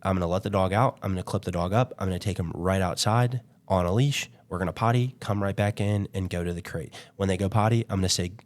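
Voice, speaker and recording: A quick-talking young man with a lowish voice, chatting through dog training advice as a podcast host. He rambles loosely, leaning on fillers and restarts as he explains. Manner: rambling, filler-heavy, conversational. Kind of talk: casual advice talk.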